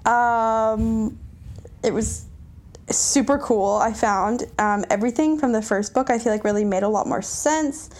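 A young woman with a slightly high voice gushes about books on a casual podcast. She co-hosts and talks with lots of fillers, sounding excited throughout. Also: measured pace. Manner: gushing, enthusiastic, lots of fillers. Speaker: podcast co-host.

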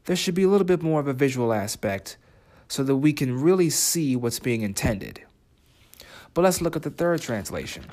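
A man's voice: mid-range voice, big pitch swings, darkish tone. A man teaching a writing lesson, reading quoted lines and asking the listener reflective questions. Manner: reflective, asks listeners questions, reads lyric quotes slowly. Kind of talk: spoken lesson comparing translations.

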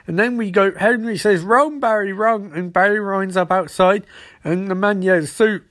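Guy doing a snarky episode recap, pretty high voice, plays all the parts himself. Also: steady tone, moderate pace, a bit bright. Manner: sarcastic, acts out characters' lines.

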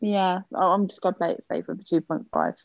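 A woman's voice: fairly low pitch, a little fast, creaky, no echo, dull audio. A woman, co-hosting a film podcast, talking hesitantly in a rambling, casual way with frequent swearing. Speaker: podcast co-host. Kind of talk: casual film review chat.

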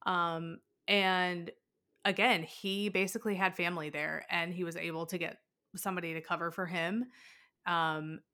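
A woman in her thirties telling candid, animated personal stories in a casual conversation. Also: lowish voice, moderate pace. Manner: candid, animated storytelling with laughs.

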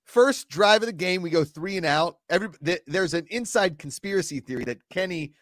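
A man in his twenties co-hosting a sports podcast, ranting in an animated, exasperated way in casual chat. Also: high voice, brisk, dry recording, clean studio sound. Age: 20s. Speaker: podcast co-host.

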